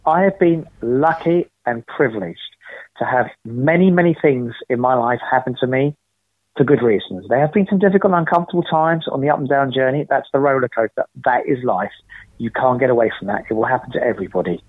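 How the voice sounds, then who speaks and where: A man's voice: medium pitch, brisk, breathy edge, no room sound. A man chatting as a podcast guest, talking in an emphatic, theatrical, rhetorical way. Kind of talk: casual chat. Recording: tinny phone line.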